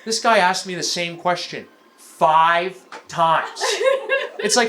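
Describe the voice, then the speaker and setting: A man's voice: high-pitched, slow pace, sharp tone, slight background noise. A young man from Canada doing a stand-up comedy set on stage, ranting profanely with lots of fillers. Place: comedy venue stage before a live audience.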